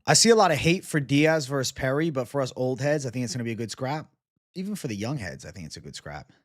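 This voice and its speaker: Livestream guy chatting with viewers, lots of swearing, lively pitch. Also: fast talker, no echo, clean studio sound. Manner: loose, profane banter with viewers. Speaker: livestream host. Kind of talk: casual live chat.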